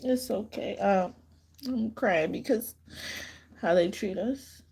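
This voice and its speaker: A woman's voice: mid-range voice, slow pace, vocal fry, a little mellow, husky. A woman giving a live-stream tarot reading, talking in a loose, rambling way with many restarts and laughing between sentences. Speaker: tarot card reader.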